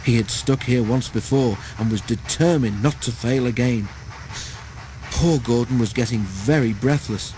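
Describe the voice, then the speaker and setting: A man narrating a children's storybook in a steady, measured way. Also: medium pitch, a little hiss or hum, rough recording. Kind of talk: storybook read-aloud.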